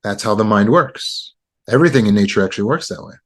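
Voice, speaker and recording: A man's voice: on the low side, animated, fast. Man teaching a self-help lesson. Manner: repetitive, instructive, walks through steps. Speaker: trauma recovery teacher.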